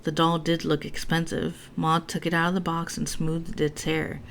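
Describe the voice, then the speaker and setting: A woman's voice: deep voice, flat delivery, moderate pace, gravelly, slight background noise. A woman reviewing a book, reading passages aloud with casual, self-mocking asides.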